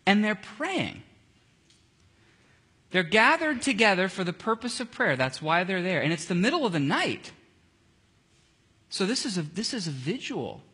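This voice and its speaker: A man leading a casual Bible study, animated and jokey, acting out scenes as he reads. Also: high voice, a little slow, pauses often, breathy edge.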